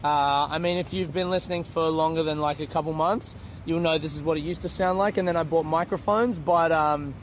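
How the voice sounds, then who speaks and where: A man's voice: on the high side, fairly even intonation, a little fast, hardly any pauses, slight background noise. A man hosting his own podcast in casual solo chat, rambling, swearing freely and poking fun at himself while sitting in an outdoor city garden without his proper microphone. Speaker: podcast host. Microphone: no proper microphone, lower-quality recording.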